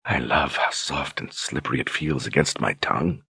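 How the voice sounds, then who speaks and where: A man with a very deep voice voicing a seductive adult duchess who speaks softly, breathily and huskily, in a coy, slow murmur. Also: lively intonation, dry recording, studio quality. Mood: sultry. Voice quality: breathy, husky, soft. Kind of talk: audiobook character reading.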